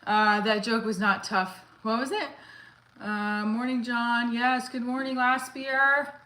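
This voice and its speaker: A woman's voice: fairly high pitch, steady tone, slow, sharp tone, reverberant, low-quality recording. A woman comedian live-streaming while working out, out of breath and chatting casually with viewers as she reads their comments. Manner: chatty, answers viewers' comments, counts reps aloud.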